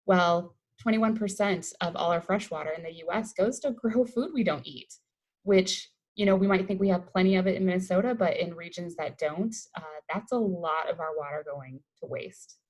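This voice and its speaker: Lower-pitched woman from Colorado, educator presenting a webinar over a video call, enthusiastic and chatty. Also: normal speed, darkish tone, rough recording. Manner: upbeat, conversational, enthusiastic about the topic. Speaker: waste-reduction educator.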